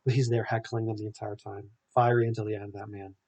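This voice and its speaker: A man's voice: lowish voice, flat delivery, fast talker, a little mellow, muffled recording. A young man hosting a podcast, recapping a film in a rambling, casual way full of filler words. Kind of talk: casual chat.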